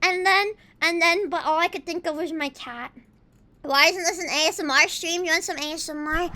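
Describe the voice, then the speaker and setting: Woman streamer, very high pitched, bright and forceful; rambling, teasing, dramatic casual chat on a home desk mic. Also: moderate pace. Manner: dramatic, swings between loud and quiet. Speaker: VTuber streamer.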